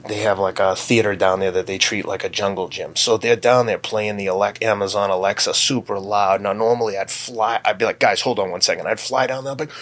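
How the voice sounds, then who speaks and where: A man in his fifties, a guest, talking candidly and telling personal stories, sometimes acting out his own shouting. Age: 50s. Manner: acts out his own past yelling in sharp high bursts. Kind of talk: candid conversational storytelling.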